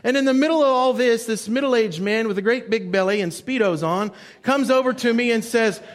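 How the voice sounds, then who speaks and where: A man's voice: extremely high pitch, a little fast. A male pastor preaching a sermon in a conversational storytelling way, repeating his key points.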